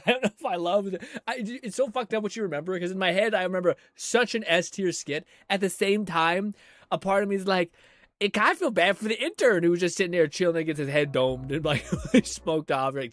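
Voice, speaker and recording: A man's voice: sits high, a bit bright, no room sound, studio quality. Young man rambling over reaction clips. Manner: laughing, rambling, swears often. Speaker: streamer. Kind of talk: casual reaction commentary.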